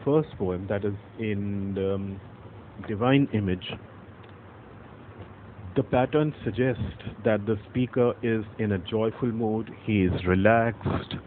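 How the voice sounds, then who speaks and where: A man, teaching literature in a patient, explanatory lecture style and repeating points as he goes. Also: lowish voice. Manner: patient, repeats points and reads verse slowly with stressed syllables. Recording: phone-like audio with faint traffic noise.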